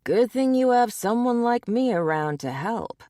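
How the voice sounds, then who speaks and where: A woman's voice: on the high side, lively intonation, a little slow, mellow, no room sound, studio quality, voice pushed up. Woman voicing a cheeky teasing werebear guy. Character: playful teasing young male werebear.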